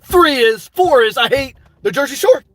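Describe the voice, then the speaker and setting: A man hosting a live stream, ranting emphatically about his life and shouting out his supporters, worked up and sweating. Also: extremely high pitch, animated, normal speed, no room sound. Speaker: livestream host.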